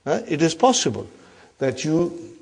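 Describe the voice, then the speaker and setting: A man teaching an Arabic grammar class, slowly reading example sentences, repeating key terms and often checking that the class follows. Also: on the high side, very animated. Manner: checks understanding with frequent questions.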